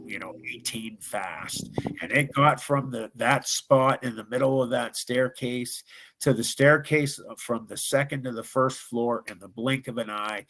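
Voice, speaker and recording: A man's voice: medium pitch, gravelly, a bit bright. A man from Ohio, a guest on a live show, telling a true ghost story in an earnest, dramatic way with frequent restarts.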